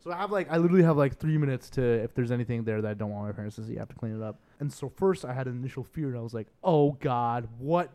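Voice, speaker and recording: A man in his twenties speaks at a racing pace with hardly any pauses, in a clean, mid-range voice. Co-hosting a podcast, he animatedly tells a family story in casual chat, mimicking his parents with exaggerated voices.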